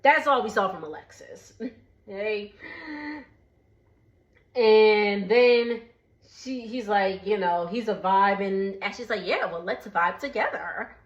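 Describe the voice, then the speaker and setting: Slow, chatty woman recapping a show. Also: mid-range voice, dull audio. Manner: chatty, laughs often, lots of fillers. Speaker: reality TV recap host. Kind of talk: casual recap vlog.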